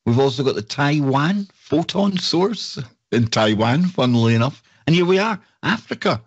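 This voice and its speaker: A man's voice: a little high, expressive, normal speed, breathy edge, no room sound, lo-fi sound. A man hosting a live talk show, chatting casually and reading out lists with enthusiasm. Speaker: show host.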